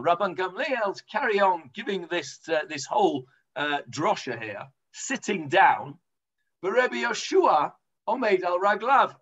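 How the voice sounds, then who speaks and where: A man's voice: sits high, fairly bright tone, slightly rough, muffled recording. A man with an English accent teaching an informal Talmud class, chatty and full of hesitations. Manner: chatty explaining, lots of hesitations.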